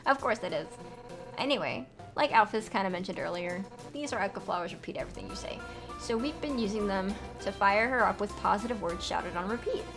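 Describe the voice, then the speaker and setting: A woman voicing a brash, loud female fish warrior who teases people and calls them punk, with music underneath. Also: mid-range voice, expressive, brisk, natural voice. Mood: encouraging. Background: background music.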